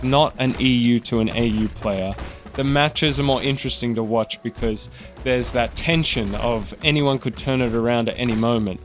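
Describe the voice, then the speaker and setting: A man who is sick and sounds nasal, chatting casually over gameplay as a channel host. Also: mid-range voice. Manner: chatty, rambling.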